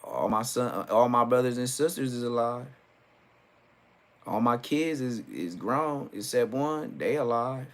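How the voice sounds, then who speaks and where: Brief: middle-aged man, livestream host, joking storyteller, mid-pitched. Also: measured pace, fairly bright tone. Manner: joking, storytelling with acted-out quotes. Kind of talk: casual livestream rant.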